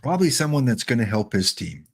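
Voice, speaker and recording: Excited middle-aged man, rambling joking stream commentary, wired on coffee, mid-pitched voice. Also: quick pace, gravelly. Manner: chatty, joking, talks to chat bots. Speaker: live streamer playing a baseball sim. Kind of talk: casual live-stream commentary.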